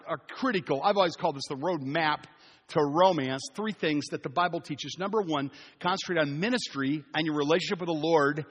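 A middle-aged male pastor with a high voice preaches in an easy, storytelling way. His voice carries a long reverb from the church hall around him. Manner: storytelling, animated and conversational. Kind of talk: sermon.

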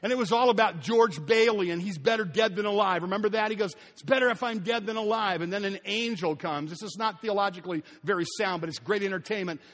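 A man preaching a sermon as pastor, animated, acting out scenes and sometimes dropping very soft. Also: sits high, quick pace, few pauses. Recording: echoey hall with long reverb.

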